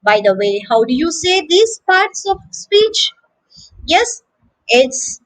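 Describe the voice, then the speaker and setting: A woman teaching English pronunciation, saying each word slowly and several times with clear syllable stress. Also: high voice, big pitch swings, fairly bright tone, poor audio. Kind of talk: slow, careful pronunciation lesson.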